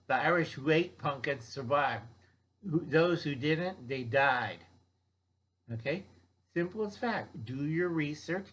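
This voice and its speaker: A man's voice: fairly high pitch, fairly bright tone. Older man, blunt rambling survival lecture, slightly raised voice, keeps asking okay. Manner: blunt, lecturing, repeats "okay?" and mocks others in put-on voices. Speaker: survival vlogger. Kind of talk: rambling instructional monologue.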